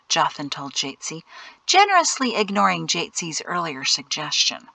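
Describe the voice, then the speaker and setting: A woman narrates an audiobook in a measured storytelling voice, now and then dropping to a hush. Her tone is bright and sits close and dry, with no room around it. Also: lowish voice, wildly swooping pitch, dry recording. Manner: measured storytelling, softening to hushed whispers. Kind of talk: scripted narration.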